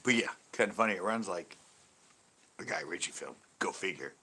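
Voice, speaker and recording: Chill guy on a fishing stream, kinda low voice, rambling and joking around. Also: lively intonation, normal speed, sharp tone, husky. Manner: rambling, laid-back, laughs easily. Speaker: fishing channel host. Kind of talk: casual livestream chat.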